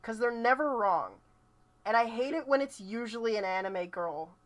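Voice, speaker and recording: A woman's voice: a little high, lively intonation, moderate pace. A woman co-hosting a casual livestream, joking and laughing often. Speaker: livestream co-host and voice actor.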